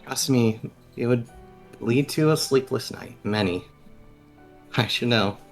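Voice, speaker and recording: A man's voice: medium pitch, measured pace, soft background music, pitched above the performer's own voice, natural voice. A man playing a sly worldly young woman.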